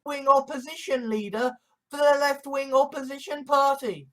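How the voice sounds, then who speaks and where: A man's voice: very high voice, steady tone, normal speed, fairly bright tone. A man delivering a ranting commentary monologue, sarcastic and sweary, with many restarts. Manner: sarcastic, mocks others with exaggerated quoted outbursts; swears freely, frequent restarts and fillers. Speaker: online commentator.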